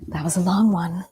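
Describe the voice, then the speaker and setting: A woman leads a guided meditation in an unhurried, slightly low voice, gentle and soothing and often dropping to a near whisper. Her tone is openly heartfelt and earnest. The recording is dry and close, with no room sound. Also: slightly rough, no room sound. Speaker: meditation teacher.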